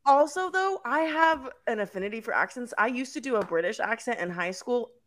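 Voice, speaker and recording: A woman in her twenties with a Southern Californian accent and vocal fry, co-hosting a casual, giggly chat. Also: fairly high pitch, brisk. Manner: giggly, animated storytelling. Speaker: podcast co-host.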